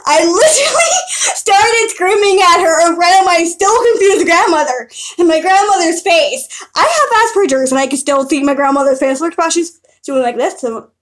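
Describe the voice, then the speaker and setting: A young woman streaming a casual chat, excitable and giggly, often bursting into shouts. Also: very high-pitched, normal speed. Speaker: live streamer.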